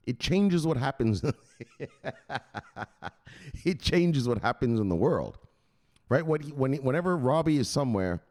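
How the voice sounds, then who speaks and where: A man hosting a crypto news livestream, chatting casually, joking, swearing and greeting viewers by name. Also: mid-range voice. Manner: animated, profane, joking, greets chat by name.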